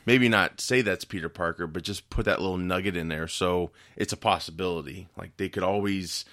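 A man's voice: sits low, fairly quick, fairly bright tone, no room sound, clean studio sound. A young man co-hosting a casual movie chat, rambling and hesitant, often laughing between thoughts. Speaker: podcast co-host.

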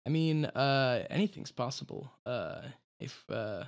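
Deadpan man cracking dry jokes. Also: mid-range voice, measured pace. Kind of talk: casual movie-review chat.

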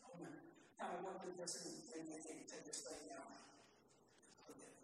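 A woman's voice: lowish voice, huge pitch swings, moderate pace. A woman pastor preaching an impassioned sermon, repeating phrases and calling on the congregation to repeat after her. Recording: echoey hall from far off, noisy.

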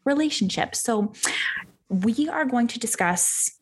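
A woman's voice: a little high, expressive, a little slow. A bubbly young woman chatting casually as a podcast co-host, with lots of "like" and "um". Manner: bubbly, filler-heavy. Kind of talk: casual chat.

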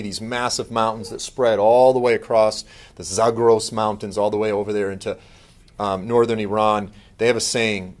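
A middle-aged man giving a conversational update, telling stories with plenty of fillers and lively asides. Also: lowish voice. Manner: conversational, animated impressions of others, many fillers. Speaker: speaker giving a ministry update. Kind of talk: casual storytelling talk.

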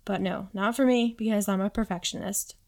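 A woman in her thirties talks through a solo podcast episode into a desktop microphone. She is candid and self-deprecating, peppering her talk with "like" and "you know what". Her pitch sits in the middle of the usual range. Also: fairly even intonation, a little fast. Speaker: podcast host. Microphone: desktop USB mic.

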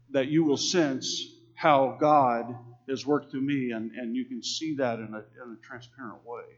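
A man from Texas preaching a sermon in an earnest, conversational way, calling on the congregation to repeat lines after him. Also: medium pitch. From Texas, USA. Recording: dull lo-fi sermon recording.

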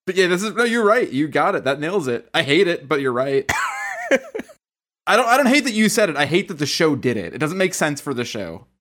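A man with a slightly raised voice and a lot of swing in his pitch, chatting on a podcast. He talks in a wry, joking way and keeps it lively. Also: a little fast. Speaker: podcast co-host. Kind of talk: casual podcast chat.

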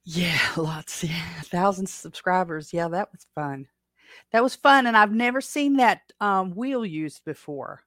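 A woman's voice: lowish voice, measured pace, a bit bright, dry recording, studio quality. A woman hosting a casual livestream chat, rambling along with frequent self-corrections and small laughs. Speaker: podcast host.

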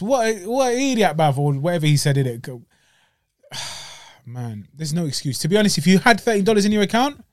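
A man co-hosting a podcast, ranting in animated casual chat and talking straight at the fighter, a little congested and short of breath. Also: high-pitched, normal speed, no echo, studio quality. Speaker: podcast co-host.

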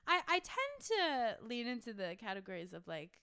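A woman's voice: fairly high pitch, wildly swooping pitch, moderate pace, bright, forceful tone, clean tone. A young woman, a singer-songwriter, chatting in an interview, gushing and emotional with lots of fillers. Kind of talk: casual interview chat.

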